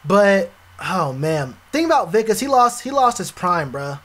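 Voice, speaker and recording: A young man streaming live, chatting casually with viewers, animated and repetitive, full of slang. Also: sits high, measured pace. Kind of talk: live stream reaction chat.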